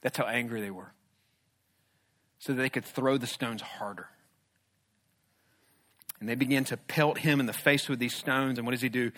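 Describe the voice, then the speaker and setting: A man preaching a sermon, moving between loud emphatic declarations and hushed, low, intense passages. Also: steady tone, normal speed, pauses often. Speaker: pastor.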